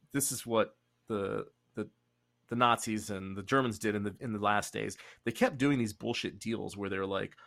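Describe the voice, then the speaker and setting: A man with a Texan accent, hosting a podcast and telling history in a casual, profane way, laughing often and doing quick voices. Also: on the low side, no room sound, studio quality. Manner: profane, laughing, animated storytelling. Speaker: podcast host.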